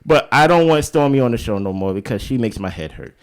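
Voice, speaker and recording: Animated, emphatic male recap host. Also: medium pitch, a little fast, smooth. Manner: animated, emphatic, repeats himself. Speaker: co-host of a reality show recap. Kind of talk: casual reaction chat.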